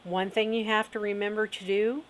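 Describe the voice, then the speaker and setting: A middle-aged woman teaching a witchcraft lesson on video, talking in an unhurried way and checking in often with "okay?". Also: mid-range voice, little pitch movement, slight background noise. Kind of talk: instructional video talk.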